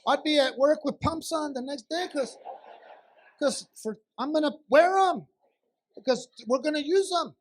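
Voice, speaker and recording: A man with an extremely high-pitched voice delivers a stand-up set at a benefit show, speaking a little slowly. His stories are animated, and he performs both his own part and his wife's in their back-and-forth.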